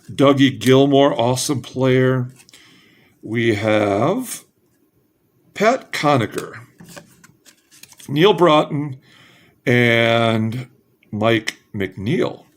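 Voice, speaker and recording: A man casually narrating as he opens packs of trading cards, reading names one by one with offhand asides and bursts of excitement at good pulls. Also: mid-range voice, slight background noise. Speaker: card collector opening packs. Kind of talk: casual pack-opening commentary.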